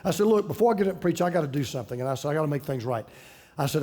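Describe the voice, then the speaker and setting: High-voiced pastor preaching in a hall. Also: male voice, fast, mellow. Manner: conversational storytelling, repeats key phrases for emphasis. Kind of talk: sermon.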